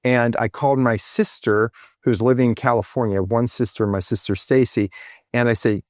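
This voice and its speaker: Man, 50s, interview guest; mid-pitched, dry close-miked sound, chatty and halting. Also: no room sound. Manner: animated, acts out quoted speech with lifted pitch; halting, many fillers and restarts. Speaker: guest artist. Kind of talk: casual interview storytelling.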